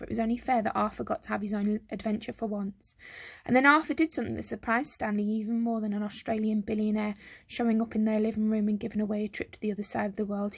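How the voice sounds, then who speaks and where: A woman reading a children's chapter book aloud with a clear, expressive delivery. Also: medium pitch, no room sound. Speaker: storyteller.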